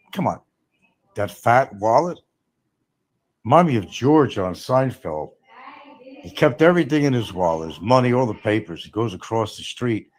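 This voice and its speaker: A male livestream host riffing sarcastically and rambling between chat comments. His pitch sits in the middle but swings widely, jumping up when he mocks and dropping low when he mutters.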